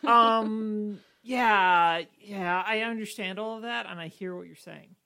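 A woman co-hosting a TV podcast, talking in a loose, chatty way. She gets animated and exasperated as she vents, breaking into laughs often. Her pitch sits in a middle range for a woman. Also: slow pace, creaky, clear, resonant tone. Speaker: podcast co-host. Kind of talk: casual chat.

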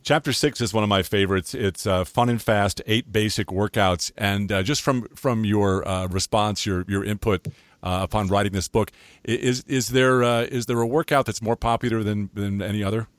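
A man's voice: fairly low pitch, steady tone, moderate pace, no echo. A man hosting a podcast, interviewing a guest and chatting through sponsor reads in an easygoing way. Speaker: podcast host. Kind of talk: casual interview and ad chat.

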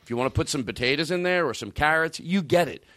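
A man's voice: a little high, animated, fast, a bit bright, no room sound, studio quality. A man hosting a comedy show, rambling and hyper, swearing freely as he jumps between topics. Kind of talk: rambling comic banter.

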